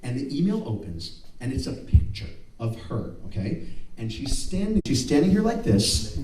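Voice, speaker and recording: A man's voice: medium pitch, big pitch swings, normal speed, noisy background. A man performing a live spoken word story in a club, self-mocking and acting out the dialogue. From United States. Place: club stage before an audience. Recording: roomy live club sound from a distance.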